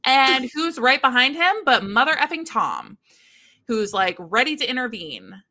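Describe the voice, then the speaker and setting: Bright-voiced woman podcast host. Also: high voice, measured pace. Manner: animated storyteller, acts out quotes. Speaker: podcast co-host recapping a book. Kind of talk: casual chat.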